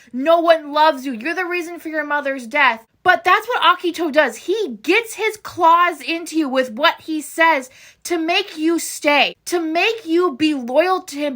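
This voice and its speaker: A young woman reacting to an anime, gushing and swinging between outrage and tearful excitement, with some swearing. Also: sits high. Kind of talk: emotional reaction vlog.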